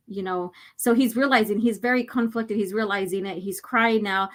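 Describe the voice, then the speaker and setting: Lady chatting on a stream about a comic, rambly, keeps clearing her itchy throat. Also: mid-range voice, moderate pace, a bit bright. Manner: rambling, lots of fillers. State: irritated throat, clearing it often. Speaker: host reading a comic aloud. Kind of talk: casual livestream chat.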